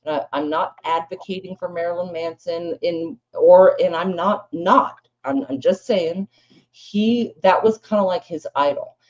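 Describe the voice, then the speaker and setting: Woman on a panel, kinda low mellow voice, blunt and sweary, rambly, bit dull lo-fi sound. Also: a little slow. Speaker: panel speaker. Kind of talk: casual panel chat. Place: live panel room with audience.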